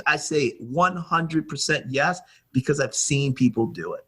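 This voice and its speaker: Husky middle-aged man telling animated stories. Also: a little high, a little slow. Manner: animated storyteller who acts out quoted exchanges. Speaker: guest, former basketball team staffer. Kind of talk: storytelling interview answer.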